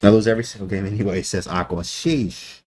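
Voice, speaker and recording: A man streaming live chess commentary, animated and joking, who talks in casual slang and laughs often. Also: on the low side, brisk.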